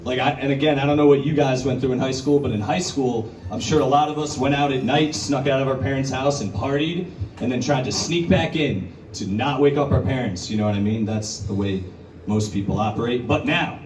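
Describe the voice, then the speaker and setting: A male stand-up comedian doing a crude, conversational set at a brewery show, jumping into high, put-on voices to act out scenes. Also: fairly quick, a little mellow, a little hiss or hum. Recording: roomy bar recording from a distance. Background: audience laughter and bar ambience.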